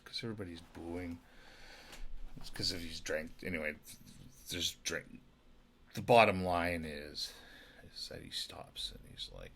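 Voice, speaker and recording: A drunk man rambling through a loose solo monologue, his low voice gravelly with fry. He talks slowly and lurches between loud bursts and mumbled whispers, with a faint hiss of background noise behind him. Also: fairly even intonation. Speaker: amateur actor talking about comedy.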